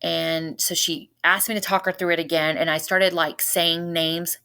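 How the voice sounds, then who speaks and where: A woman's voice: lowish voice, level tone, moderate pace, pushed and bright, clear, resonant tone. A woman in her forties from North Louisiana, a podcast guest earnestly telling her personal story in casual conversation. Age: 40s. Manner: earnest, retells events by quoting everyone's words.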